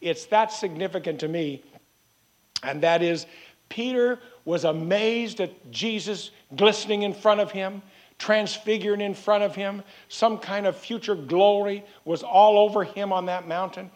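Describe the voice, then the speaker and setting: A man preaching a sermon in an earnest way, repeating phrases and slowing down to stress key words. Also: sits high.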